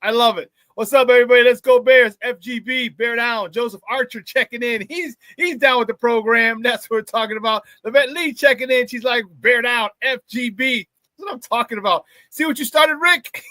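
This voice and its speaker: Hyped sports talk host. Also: male voice, very high voice, brisk, hardly any pauses, no echo. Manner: hyped, shouts out viewers, laughs often. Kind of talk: live sports talk show, reading chat.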